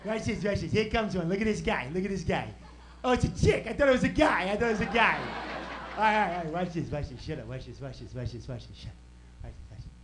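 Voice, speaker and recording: A man's voice: sits high, quick pace, fairly bright tone, pitched below the performer's own voice. A man voicing a nine-year-old boy who talks like a wisecracking gangster, bossy and full of clipped repeated phrases. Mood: scheming. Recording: noisy live club recording.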